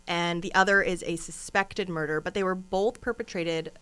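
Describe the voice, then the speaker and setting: A woman's voice: on the low side, steady tone, moderate pace, a bit bright, clean tone. A woman co-hosting a true crime podcast in casual, chatty talk, rambling into asides and laughing often. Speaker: podcast co-host.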